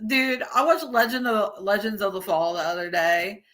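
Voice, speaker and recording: A woman in her early thirties with a medium-pitched, fairly bright voice chats casually at a normal pace on a live stream. Reacting to a video, she swears freely and laughs often.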